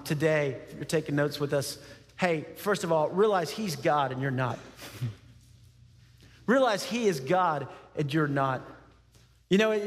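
A man delivering a sermon to his congregation, his voice sitting high for a man. He tells the story vividly, switching into voices for the figures he quotes and laughing often. The sound carries a long hall reverb. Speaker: pastor.

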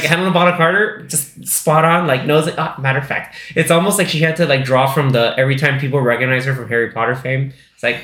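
A man's voice: a little high, bright, forceful tone, reverberant. A man co-hosting a podcast, chatting casually about a film, rambling with many fillers and acting out quotes. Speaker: podcast co-host. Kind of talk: casual movie chat.

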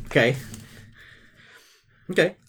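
A man's voice: takes it slowly, fairly bright tone. A man narrating as game master, rambling with lots of fillers, restarts and laughter.

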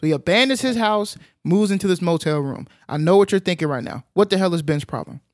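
A man casually retelling a film's plot as a podcast co-host, animated and full of filler sounds. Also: high voice, quick pace, no echo, studio quality. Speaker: podcast co-host recapping a film. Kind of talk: casual film recap chat.

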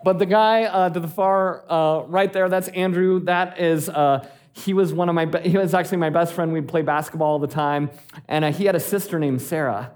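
Animated man preaching a sermon. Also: fairly high pitch, normal speed. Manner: animated storytelling, laughing often. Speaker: pastor.

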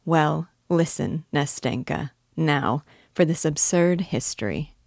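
A woman's voice: low-pitched, lively intonation, takes it slowly, creaky, darkish tone, no echo, clean studio sound, full character voice. A woman reading a shy, lonely young man. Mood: earnest. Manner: earnest, hesitant. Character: shy solitary young man, earnest and wistful. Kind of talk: audiobook character reading.

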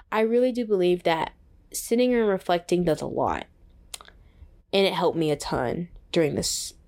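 Earnest young woman sharing her faith. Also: lowish voice. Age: young adult. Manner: earnest and excitable, heavy use of "like". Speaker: podcast host. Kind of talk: casual faith-based reflection.

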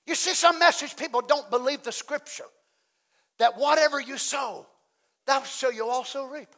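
A middle-aged man preaching a fiery sermon as pastor, swinging from hushed asides to loud shouting. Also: very high-pitched, moderate pace.

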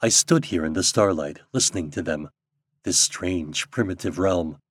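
A man narrating a story aloud as an audiobook reader, in an expressive storytelling manner. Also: low-pitched, normal speed, breathy edge, dry recording. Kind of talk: scripted narration.

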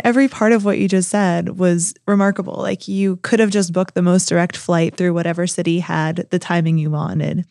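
A woman's voice: lowish voice, darkish tone, dry recording, clean studio sound. A woman co-hosting a podcast interview, reflecting on and summing up what her guest has said. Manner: reflective, sums up the guest's points. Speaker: podcast co-host. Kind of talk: conversational interview.

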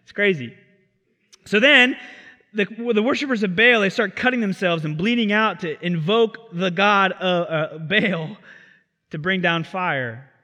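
A male pastor preaches in an animated, casual storytelling style, his bright, forceful voice sitting a little high for a man. The sound carries the long reverb of a theatre hall. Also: unhurried. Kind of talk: sermon. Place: theatre used as a church.

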